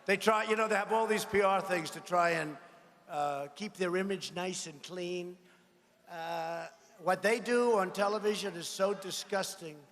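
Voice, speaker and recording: A man's voice: high voice, a bit bright. Older man with a combative rally voice. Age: 70s. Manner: combative, mocking, rambling asides. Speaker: politician addressing a rally. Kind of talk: rally speech. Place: large arena. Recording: echoey arena with long reverb.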